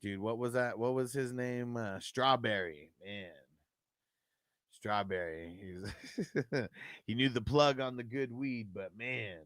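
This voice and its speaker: A man's voice: fairly low pitch, a bit bright, no echo, clean studio sound. A man hosting a livestream in casual chat, laid-back, swearing freely and saying "man" and "dude" a lot. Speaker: livestream host.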